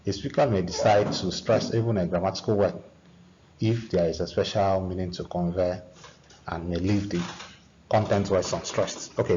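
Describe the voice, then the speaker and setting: A man teaching an English grammar lesson, talking slowly with frequent restarts and repeated words. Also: deep voice, dark tone. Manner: slow, halting teacher talk with repeated restarts. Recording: dull lo-fi recording with faint noise.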